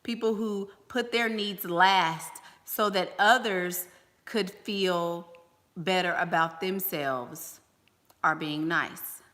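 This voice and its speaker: Woman, life coach, livestream advice, emphatic, blunt, bright voice, long reverb. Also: fairly low pitch, slow pace. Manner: emphatic and blunt, with rhetorical questions.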